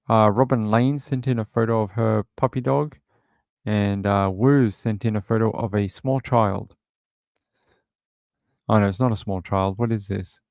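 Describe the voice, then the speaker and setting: A man's voice: on the low side, vocal fry, darkish tone, no room sound, studio quality. A man hosting a livestream, casually chatting and rambling with many filler words as he reads out viewer comments. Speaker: livestream host.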